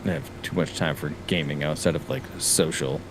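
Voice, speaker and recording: A man's voice: extremely low pitch, fairly even intonation, normal speed, background noise. A man in his thirties chatting casually while gaming, with dry, easygoing banter.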